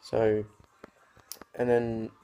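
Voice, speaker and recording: A man's voice: on the low side, monotone, extremely slow, warm tone, smooth. A teenage man, ranting casually to camera in a sweary, rambling way. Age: teens. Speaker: vlogger.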